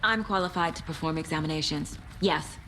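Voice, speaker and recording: An actress playing a calm, focused female federal agent who speaks in a composed, businesslike way. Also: low voice, brisk, a little hiss or hum. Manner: composed, businesslike, matter-of-fact.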